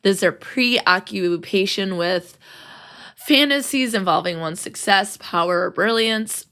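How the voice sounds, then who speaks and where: A woman's voice: medium pitch, slow pace, sharp tone. A young adult woman hosting a casual podcast chat, talking freely, laughing often and acting out what people say. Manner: chatty, laughs often, acts out quotes. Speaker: podcast host and teacher.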